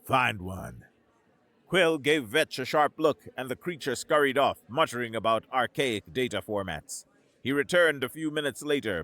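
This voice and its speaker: A man narrating a sci-fi story in a steady, even scripted delivery. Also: mid-range voice, no room sound.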